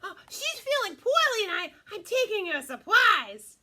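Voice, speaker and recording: A woman's voice: sing-song, moderate pace, background noise. A woman voicing a polite, eager little girl in a storybook read aloud. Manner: high, sweet, eager.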